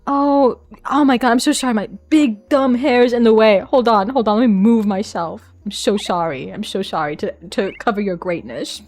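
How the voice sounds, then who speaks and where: A young woman VTuber chatting live with her viewers, excitable, swearing and laughing often, into a desk mic at home. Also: mid-range voice, moderate pace, hardly any pauses, soft background music. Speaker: VTuber streamer. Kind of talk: casual live-stream chat. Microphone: desk microphone.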